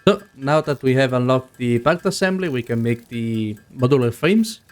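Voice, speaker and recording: A man's voice: mid-range voice, expressive, normal speed, faint music behind. A young man, not a native English speaker, giving casual gameplay commentary and thinking aloud with many fillers. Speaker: gaming video host.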